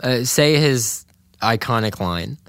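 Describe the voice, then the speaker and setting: A man's voice: medium pitch, animated, slow, fairly bright tone, smooth. A young man co-hosting a casual podcast, rambling cheerfully about a cartoon and breaking into laughs. His voice sits in an ordinary middle range. The sound is dry and close, with no room echo. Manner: rambling, laughs often, lots of fillers. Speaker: podcast co-host.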